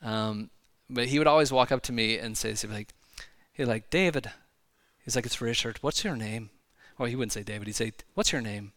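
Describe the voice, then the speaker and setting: A man preaching a sermon in a church, talking conversationally with frequent asides and quick restarts. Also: mid-range voice, fairly even intonation, fairly bright tone, no echo, clean studio sound. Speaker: pastor. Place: church sanctuary.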